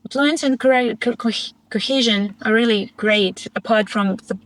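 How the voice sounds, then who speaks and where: A woman's voice: fairly high pitch, moderate pace. A woman acting as a speaking examiner, giving mock-test feedback in an encouraging way with frequent light laughs.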